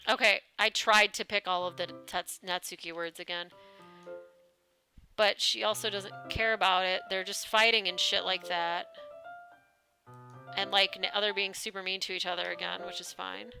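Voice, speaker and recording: A woman's voice: medium pitch, fairly even intonation, moderate pace, gravelly, bright, forceful tone, soft background music. A woman streaming a game, chatting casually, reading game text aloud and swearing now and then. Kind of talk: casual live-stream commentary.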